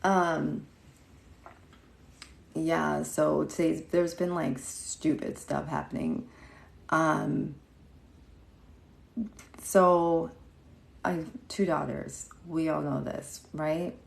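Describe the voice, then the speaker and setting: A woman in her thirties chats on a livestream, telling a story and greeting viewers by name along the way. Her voice is low and gravelly and she talks slowly. The room around her is echoey. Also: steady tone. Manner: chatty, greets viewers mid-story, acts out quotes. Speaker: livestream host.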